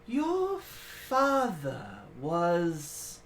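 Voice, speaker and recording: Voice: medium pitch, wildly swooping pitch, a little hiss or hum, full character voice. A game master voicing an ancient dragon brood mother. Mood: solemn. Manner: slow, hushed, deliberate speech. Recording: echoey room.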